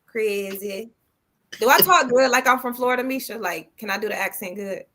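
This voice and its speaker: American woman, podcast co-host: bright, forward tone; loose, joking, profane banter. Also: a little high, expressive, normal speed. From United States. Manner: playful, profane, teasing banter. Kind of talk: casual chat.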